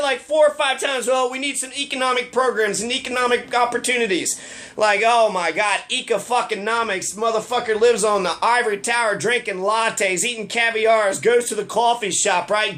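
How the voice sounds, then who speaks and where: A man's voice: extremely high pitch, bright, forceful tone. A man giving a casual, rambling political rant, sarcastic and full of profanity. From Colorado. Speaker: local political commentator.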